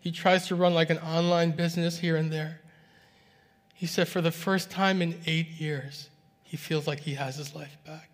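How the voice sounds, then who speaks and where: A man preaching a sermon, telling a story to his church in a relaxed, conversational way. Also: a little high, moderate pace. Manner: conversational, recounting dialogue. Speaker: pastor. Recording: reverberant hall sound.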